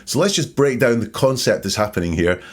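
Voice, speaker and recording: A man hosting a podcast, calmly analyzing the wording of a police interrogation step by step. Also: mid-range voice, fairly quick. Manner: methodical, breaks down wording step by step. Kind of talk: analytical commentary.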